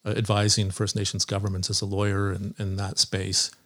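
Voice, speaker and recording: A man who works as a lawyer, speaking as an interview guest in a measured, hesitant way with frequent pauses. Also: deep voice, completely flat delivery, a bit bright. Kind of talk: conversational interview.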